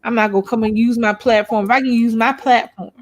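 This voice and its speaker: On a casual couples' chat show, this outspoken co-host curses openly and repeats herself to drive points home. She talks fast in a voice on the high side with fairly even intonation.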